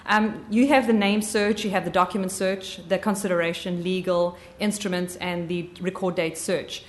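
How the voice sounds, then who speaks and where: A woman with a slight Southern US drawl giving a live software training, chatty and full of ums and self-corrections. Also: on the low side, steady tone, moderate pace, a little hiss or hum.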